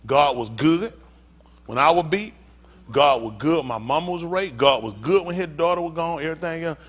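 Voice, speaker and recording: A man preaching a sermon as pastor, swinging from hushed talk to shouting. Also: a little high, moderate pace.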